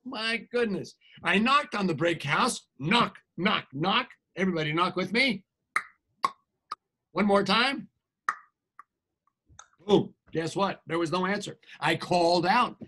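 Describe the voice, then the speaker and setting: A man with an American accent reading a children's storybook aloud to a class over a video call, playful and animated, getting the kids to join in the sound effects. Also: sits high, unhurried, breathy edge. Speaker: TV news anchor reading to a class.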